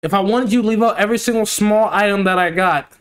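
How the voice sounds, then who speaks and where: A young man hosting a reaction video, chatting casually and excitably, laughing often and saying "bro" a lot. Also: high-pitched, fast.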